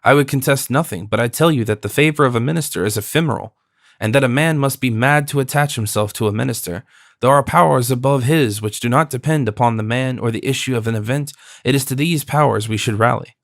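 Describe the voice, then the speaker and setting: A man's voice: medium pitch, fast, creaky, dry recording, studio quality, close to an everyday voice. A man voicing a spirited young wife in an audiobook, scornful and pleading by turns, his voice lifted for her. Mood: earnest. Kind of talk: audiobook character voice.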